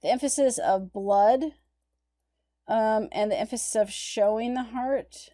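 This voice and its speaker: A woman's voice: a little high, unhurried, warm tone. A woman art history instructor giving a conversational recorded lecture, talking through images on her slides. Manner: conversational, explaining images on screen.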